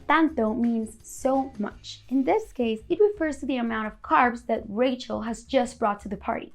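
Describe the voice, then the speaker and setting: A woman narrating a scripted language lesson in a clear, upbeat, explanatory way. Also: fairly high pitch, normal speed. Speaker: language teacher.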